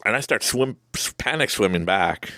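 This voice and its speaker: A man's voice: on the low side, animated, normal speed, sharp tone, dry recording, clean studio sound. A man hosting a podcast, telling a personal story casually and with animation, acting out his own reactions and laughing often. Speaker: podcast host.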